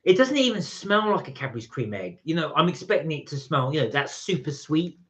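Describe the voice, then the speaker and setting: A man's voice: fairly high pitch, big pitch swings, fairly quick, fairly bright tone. A man hosting a live stream, chatting casually and rambling as he tastes snacks and reads out viewer comments. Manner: chatty, rambling, reads chat messages aloud.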